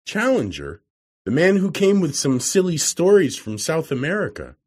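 Storybook: a cautious young scientist, voiced by the male narrator; husky, slightly raised pitch. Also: wildly swooping pitch, normal speed, darkish tone. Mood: skeptical.

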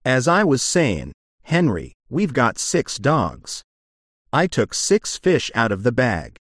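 A man voicing an uneasy, rough frontier dog-musher with drawling backwoods speech, slow and deliberate, in a dry close recording. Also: mid-range voice, huge pitch swings, a bit bright, dry recording, heavily acted.

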